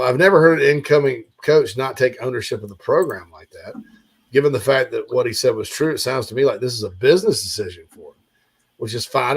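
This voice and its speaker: A man hosting a sports talk show, rambling casually with lots of fillers and restarts. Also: mid-range voice.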